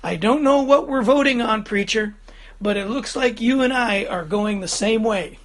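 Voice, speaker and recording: A pastor putting on the voice of a drowsy churchgoer man who has just been jolted awake, speaking loudly and bewildered. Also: high-pitched, moderate pace. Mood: startled. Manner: loud, bewildered drawl. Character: drowsy startled male churchgoer, plainspoken.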